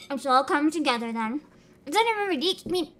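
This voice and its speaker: A young adult woman streaming live, ranting loudly with swearing and laughter while greeting her chat. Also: very high-pitched. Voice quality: avatar anime streamer voice. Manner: loud, laughing, swearing rants.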